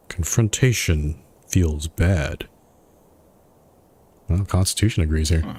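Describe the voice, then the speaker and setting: A man's voice: deep voice, slow, pauses often, darkish tone, breathy edge. A man streaming a role-playing game, reading its dialogue and narration aloud and reacting with dry remarks between lines. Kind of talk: let's play with game text read aloud. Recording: faint music behind the voice.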